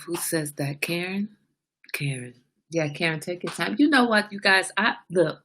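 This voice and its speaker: Woman, 40s, livestream host, bright tone, talkative, teasing exasperation. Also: fairly low pitch, expressive, moderate pace, husky. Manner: chatty, laughing, exasperated with her son. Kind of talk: casual livestream chat.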